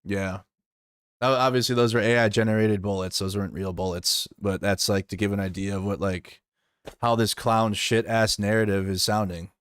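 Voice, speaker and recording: A man talks loosely on a live stream, rambling, restarting and swearing as he reacts. His voice sits somewhat low and smooth, with a dry close sound and no room around it. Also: steady tone, moderate pace, a bit bright, dry recording. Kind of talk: casual live stream commentary.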